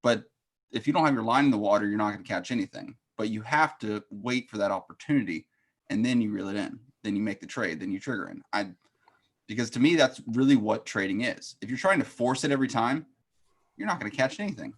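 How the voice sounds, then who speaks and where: A man's voice: fairly low pitch, expressive, fast. Easygoing Texan man telling stories. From Texas. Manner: easygoing, storytelling, folksy. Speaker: trading coach. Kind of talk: casual panel chat.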